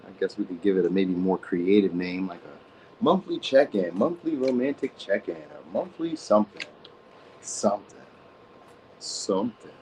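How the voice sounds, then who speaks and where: A man's voice: low-pitched, animated, moderate pace, darkish tone, a little hiss or hum, rough recording. A man hosting a live tarot reading, chatting loosely with viewers in slang and saying "you know what I mean" a lot. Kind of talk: casual live-stream chat.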